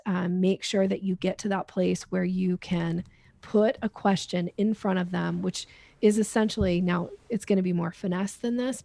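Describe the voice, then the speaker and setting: Gravelly-voiced woman teaching sales steps. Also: medium pitch, mellow, no echo. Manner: explanatory teaching tone, laughs while making points. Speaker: sales trainer guest. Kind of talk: podcast interview.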